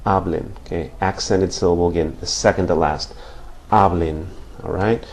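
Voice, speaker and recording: Male language teacher, lower register, patient whiteboard explainer. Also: steady tone, brisk, creaky, darkish tone. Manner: patient, repeats points with frequent "okay?" checks. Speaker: Spanish teacher. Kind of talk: whiteboard grammar lesson.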